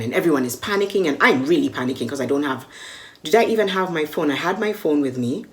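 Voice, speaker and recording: A woman's voice: sits low, expressive, quick pace. A Kenyan woman recounting a personal story vividly and acting out the dialogue. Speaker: media personality recalling a con.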